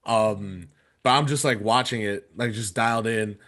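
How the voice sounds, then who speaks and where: A man's voice: lowish voice, fairly even intonation, normal speed, bright, forceful tone. A man in his twenties casually telling a story on a podcast, rambling with many fillers and restarts. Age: 20s. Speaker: podcast panelist.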